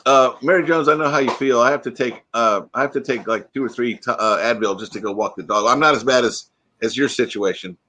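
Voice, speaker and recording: A man's voice: medium pitch, brisk, pushed and bright, a little hiss or hum. A man hosting a casual live stream, chatting loosely and answering viewer comments while still a bit groggy from waking up. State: groggy, freshly woken.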